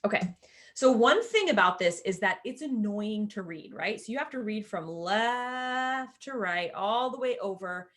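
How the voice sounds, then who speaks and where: A woman's voice: medium pitch, expressive, a little slow, fairly bright tone. A woman teaching a screen-share tutorial, in a chatty way with casual asides, often calling her viewers "you guys.". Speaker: course creator teaching sales page design.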